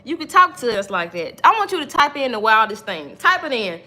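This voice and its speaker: A woman's voice: on the high side, sing-song, a little fast, pushed and bright. A woman hosting a motivational livestream from home, encouraging viewers, laughing often and reading their comments aloud. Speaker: livestream host.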